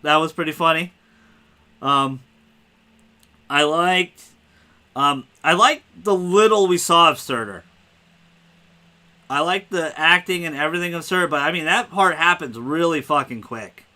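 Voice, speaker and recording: A man hosting a casual spoiler podcast, talking excitedly and rambling, cursing freely. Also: fairly high pitch, measured pace, pauses often. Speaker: podcast host.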